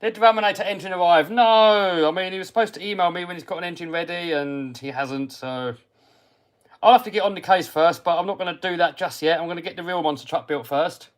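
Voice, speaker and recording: A man from England with a high-pitched voice talks a little fast as he hosts a casual radio-control car livestream. He reads viewer comments aloud, answers them, and mutters to himself while cleaning parts.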